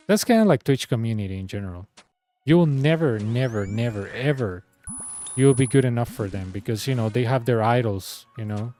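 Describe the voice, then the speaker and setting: Spanish accent guy streaming a game, sarcastic exasperated rant, warm dark voice. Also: mid-range voice, normal speed, soft background music. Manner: sarcastic, exasperated, repeats himself. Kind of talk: ranting gameplay commentary.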